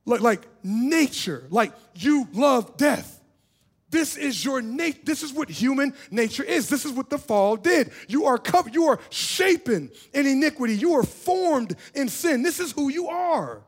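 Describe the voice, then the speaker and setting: Man, pastor, very high voice, preaching, loud-to-soft swings, repeated phrases. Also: very animated, a little slow, breathy edge. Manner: laughs and shouts in bursts. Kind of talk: sermon.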